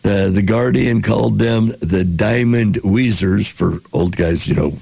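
A man's voice: on the low side, measured pace, gravelly, darkish tone, husky, dry recording. A man hosting a casual podcast, reading passages aloud and breaking off to joke and react. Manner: reads passages then jokes and reacts.

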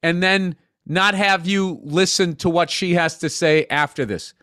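A man's voice: sits high, unhurried, clear, resonant tone, no echo, studio quality. A middle-aged man co-hosting a podcast, telling stories in crude, profane casual banter. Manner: profane, animated storyteller. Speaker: podcast co-host.

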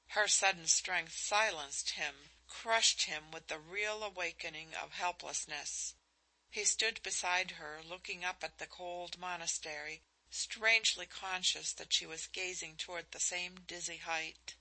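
A woman narrating a novel as an audiobook, in a measured, expressive reading. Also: on the low side, low-quality recording.

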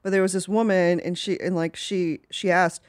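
A woman's voice: fairly low pitch, fairly even intonation, normal speed, no room sound, clean studio sound. A woman comedian, a guest on a podcast, chatting casually with bawdy jokes and frequent laughter. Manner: joking, bawdy, laughs often. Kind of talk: casual chat.

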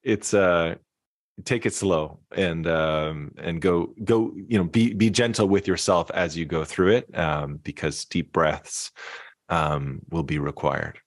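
A man's voice: low-pitched, fairly even intonation, slow pace, no echo, studio quality. A man, a podcast guest speaking reflectively with frequent restarts. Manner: reflective, many restarts and soft fillers. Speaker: podcast guest, singer-songwriter and keynote speaker. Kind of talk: conversational podcast interview.

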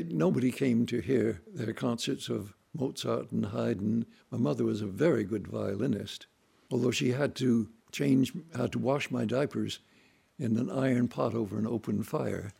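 An older man reminiscing about his childhood in a relaxed, anecdotal storytelling way, now and then acting out voices and sounds. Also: mid-range voice, vocal fry, slightly rough. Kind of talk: unscripted reminiscing monologue.

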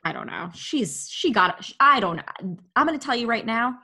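A woman's voice: on the high side, lively intonation, normal speed, sharp tone, breathy edge. A woman co-hosting a podcast, chatting bluntly and expressively with laughing asides. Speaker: podcast co-host. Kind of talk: casual chat recapping reality TV.

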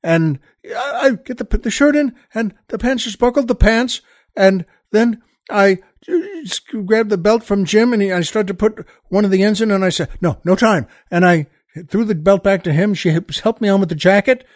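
A man, a comedian, telling an animated backstage anecdote and acting out the other people in it. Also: sits high, normal speed, no echo, clean studio sound. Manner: animated, acts out quoted voices, shifts between hushed and loud. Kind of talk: storytelling anecdote.

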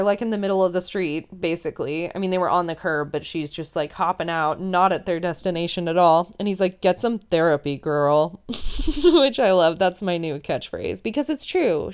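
A woman hosting a podcast, recapping a reality show in chatty, opinionated talk full of "like". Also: on the low side. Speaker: podcast host.

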